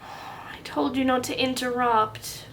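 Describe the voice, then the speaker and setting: A woman's voice: steady tone, takes it slowly, fairly bright tone, slight background noise, full character voice. A woman voicing a tearful grown man who has regressed to a small boy, sobbing and pleading. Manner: sobbing, pleading, high and breaking. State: crying.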